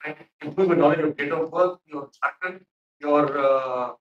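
A man's voice: fairly high pitch, moderate pace, recorded from a distance, lo-fi sound, a little hiss or hum. A man giving stern feedback in a mock interview, with many fillers. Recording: echoey room, off mic.

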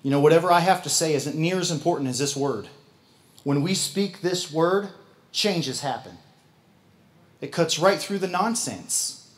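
A man with a Midwestern American accent preaching a sermon as pastor, folksy and quick to laugh at himself. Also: on the high side.

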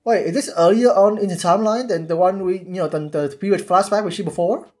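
A man giving casual commentary while watching a series, excitable and halting with many restarts. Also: sits high, soft background music. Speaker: YouTube reactor.

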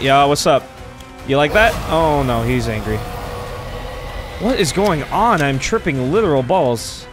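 A man doing excitable gameplay commentary, trash-talking and swearing at enemies. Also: on the high side, unhurried, long pauses. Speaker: let's play streamer. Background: game music.

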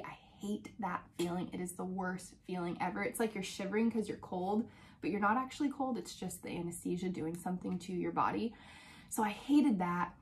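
A young woman hosting a podcast, telling a personal story in a chatty, animated way with many fillers. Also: mid-range voice. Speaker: podcast host.

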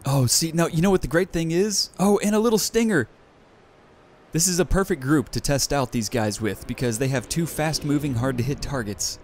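A young man hosting a let's play, giving excited, enthusiastic gameplay commentary. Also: normal speed, a little hiss or hum. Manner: enthusiastic, bursts of high excitement.

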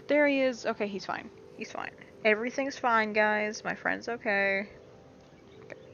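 A woman's voice: medium pitch, measured pace, gravelly, fairly bright tone. A young woman giving casual, rambling let's-play commentary, playful and often reassuring herself. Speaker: gameplay streamer. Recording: dull lo-fi mic with faint hiss.

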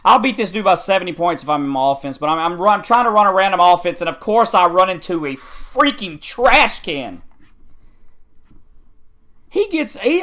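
A man's voice: sits high, very animated, normal speed, fairly bright tone. A man giving frustrated, ranting gameplay commentary on a football video game, repeating his complaints over and over.

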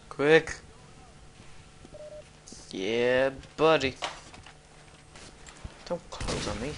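Young male gamer, slow-talking, prone to sudden yelps, faint background noise. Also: medium pitch. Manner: excitable, swings from muttering to sudden yelps. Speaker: gamer commentating his play. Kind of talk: casual gameplay commentary.

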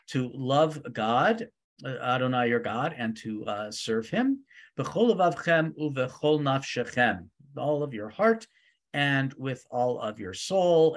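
A man teaches a weekly Torah study class in a voice of ordinary pitch. He reads Hebrew verses aloud, translates them line by line, and fills the gaps with frequent ums and uhs.

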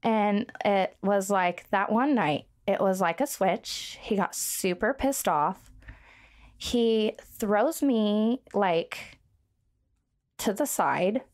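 A woman guest on a podcast recounts a personal story in an earnest, shaken way. She pauses often, restarts her sentences and leans heavily on fillers. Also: mid-range voice, a little mellow. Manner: halting, full of "like" fillers and restarts.

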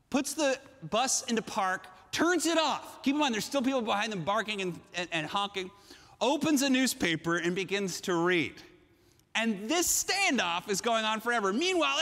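Brief: male pastor, high voice, animated storyteller, big hall reverb. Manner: animated storytelling with frequent restarts. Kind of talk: sermon.

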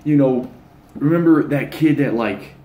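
This young man's voice is mid-range and mellow, and he takes his time as he chats to his channel's viewers in an echoey room. The casual monologue to camera is blunt, rambling, and crude with slang.

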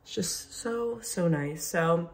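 A young woman talking casually to the camera for her vlog, chatty and excitable, full of fillers. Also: lowish voice, slow pace. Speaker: vlogger.

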